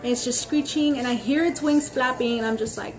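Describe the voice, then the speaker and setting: A woman's voice: a little high, brisk, a crowd in the background. A young woman ranting casually to her camera as a vlogger, rambling with lots of "like" and "freaking" and acting out the other people in her stories. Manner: animated storytelling, acting out others' lines.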